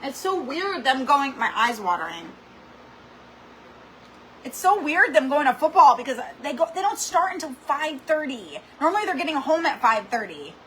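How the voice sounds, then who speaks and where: A woman with a high-pitched voice talks at normal speed while hosting a craft livestream. She tells her stories animatedly and dramatically, leaning on "like" constantly. Her computer or camera mic picks up a little hiss or hum, and the audio is poor.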